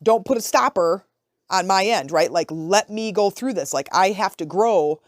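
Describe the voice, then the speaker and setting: A woman's voice: mid-range voice, expressive, normal speed, dry recording, studio quality. A woman in her forties, a podcast host, talking in a chatty, reflective way and often checking in with her listener. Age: 40s. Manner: chatty and conversational, often asking "right?". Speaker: podcast host, life coach. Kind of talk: casual reflective podcast monologue.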